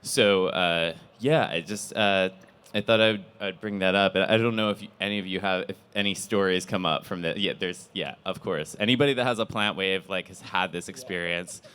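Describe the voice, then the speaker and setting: A man's voice: low voice, moderate pace, a bit bright, clean tone. A man hosting a conference panel. He talks casually and rambles, with many restarts and fillers. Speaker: panel host.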